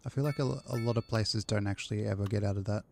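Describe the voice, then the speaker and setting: A man's voice: lowish voice, quick pace, gravelly, a little mellow, slight background noise. Chatty male streamer talking to chat. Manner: chatty, rambling, talks to chat while playing. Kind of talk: casual live-stream gameplay chat.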